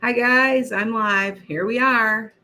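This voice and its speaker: A woman's voice: on the high side, fairly even intonation, slow pace, bright, forceful tone. An older woman, a retired teacher, hosting a casual livestream and chatting in a rambling way, restarting her sentences often. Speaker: psychic livestream host.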